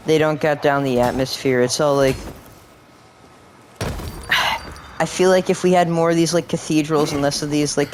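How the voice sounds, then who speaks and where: A man's voice: a little high, slight background noise. Rambling man on gameplay commentary. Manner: rambling, filler-heavy, swears when annoyed. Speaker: gaming video creator. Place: at home.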